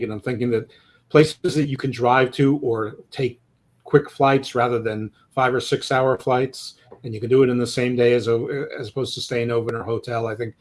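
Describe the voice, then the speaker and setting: Rambling, joking male sports podcast host. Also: medium pitch. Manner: rambling, self-deprecating humor. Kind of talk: casual sports chat.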